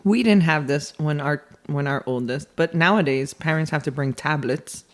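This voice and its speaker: A woman's voice: low voice, normal speed. A woman co-hosting a podcast in casual chat, laughing often and correcting her partner. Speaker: podcast co-host.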